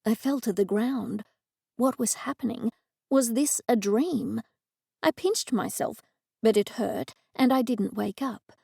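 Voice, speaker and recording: Australian woman, audiobook narrator, gravelly, mellow, fairly high, dry close sound. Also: measured pace, dry recording. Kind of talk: first-person scripted narration.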